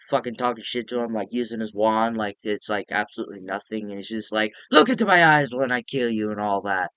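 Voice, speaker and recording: Bright-voiced, profane young-sounding man reviewing. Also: medium pitch, clean tone, no room sound. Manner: rambling, profane, animated. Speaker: movie reviewer. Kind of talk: casual spoken review.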